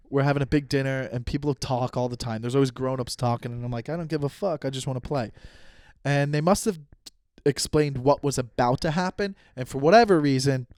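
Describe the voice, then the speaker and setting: A man in his thirties hosting a podcast, telling a long story in a casual, profane and animated way and acting out his own quotes. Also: mid-range voice, clean tone, no echo, clean studio sound. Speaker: podcast host.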